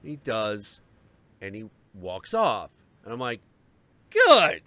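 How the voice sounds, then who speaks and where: A lowish male voice takes its time, recorded with no room sound. He's a live-stream host ranting casually and profanely through a story, lively as he voices the different people in it.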